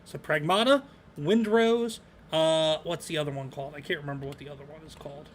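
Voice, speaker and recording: A man's voice: fairly high pitch, steady tone, brisk, a little hiss or hum. A man co-hosting a casual podcast about games, rambling with lots of ums and uhs. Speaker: podcast co-host.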